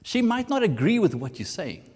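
South african guy preaching, super animated, bounces between english and afrikaans, big echoey hall. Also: sits high, normal speed, husky. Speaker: pastor. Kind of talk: sermon.

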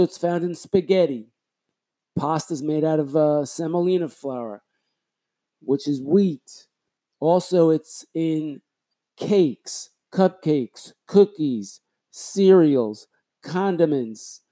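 A man with a higher-leaning, mellow voice hosts his own solo podcast. His style is casual, rambling, and chatty, and he often corrects himself mid-sentence.

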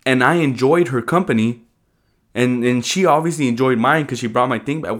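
Man, podcast co-host, casual rambling storyteller, slangy, mid-pitched voice. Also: brisk. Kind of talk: casual chat.

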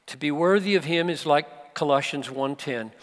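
A man preaching a sermon at a conference, slow and emphatic, with dramatic pauses. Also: fairly high pitch. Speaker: pastor. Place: large conference hall. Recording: live hall recording with long reverb.

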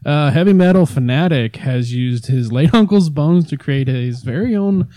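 Halting man reading a story, mellow voice. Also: on the high side, expressive, no echo. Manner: halting, stumbles over words. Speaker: podcast co-host. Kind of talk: casual podcast chat, reading a news story.

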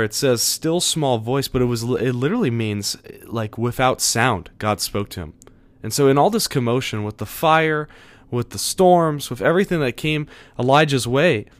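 A man hosting a podcast episode, giving an earnest, conversational devotional talk with soft chuckles. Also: mid-range voice.

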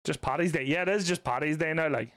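A man's voice: a little high, fast, a bit bright, dry recording. Cheerful swearing Irish man. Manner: swears freely, laughs often. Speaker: guest. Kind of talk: casual podcast chat.

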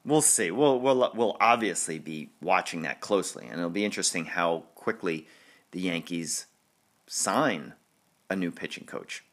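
A man's voice: low-pitched, animated, a bit bright. A man hosting a sports podcast, rambling in casual chat and laughing often. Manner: rambling, chatty, laughs often, quick restarts. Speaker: podcast host.

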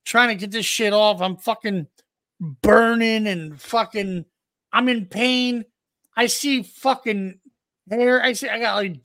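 A podcast co-host with a high-pitched, pushed and bright voice tells a crude comedic story, profane and boisterous, acting out what people said. The studio-quality audio has no echo.

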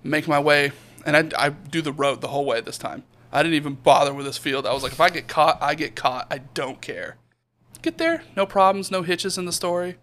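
A man's voice: fairly high pitch, brisk. A young man casually telling a story on a podcast, acting out the voices of the people in it. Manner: animated storyteller acting out quotes. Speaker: podcast co-host.

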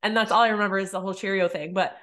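Woman podcast host chatting casually, animated storyteller, says like a lot. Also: mid-range voice, rapid-fire. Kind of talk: casual interview chat.

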